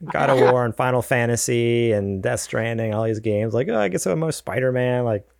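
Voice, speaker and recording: A man's voice: medium pitch, moderate pace, vocal fry, no echo, clean studio sound. A man co-hosting a casual podcast, hesitant and full of fillers as he talks. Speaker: podcast co-host.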